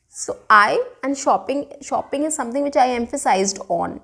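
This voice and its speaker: A woman's voice: sits high, normal speed. A woman teaches spoken straight to camera. She smiles and talks expressively. She keeps checking in with "okay" and "you know.". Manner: frequent "okay" and "you know" fillers, demonstrates intonation with example sentences; smiling and expressive while speaking. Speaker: English teacher. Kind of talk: speaking lesson to camera.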